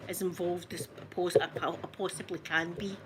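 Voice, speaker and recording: Chatting casually with viewers on her livestream, an older woman from Scotland rambles, keeps correcting herself and laughs a lot. She speaks at a moderate pace in a steady, lowish voice, with a little hiss or hum in the background.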